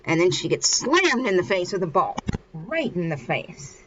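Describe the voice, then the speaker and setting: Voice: mid-range voice, big pitch swings, normal speed, pushed and bright. A vlogger casually retelling a comic chapter, rambling loosely with lots of filler and restarts. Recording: muffled with faint hiss.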